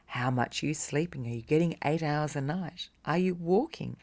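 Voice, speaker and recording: Woman, meditation teacher; deep-toned, warm encouragement, direct address, occasional whispers. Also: normal speed. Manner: encouraging, speaks directly to the listener. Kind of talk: casual motivational talk.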